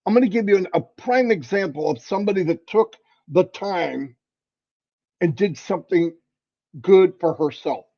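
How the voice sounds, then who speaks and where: A man hosting a livestream, giving an animated, folksy motivational talk. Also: high voice, normal speed, highs cut off. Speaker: livestream host.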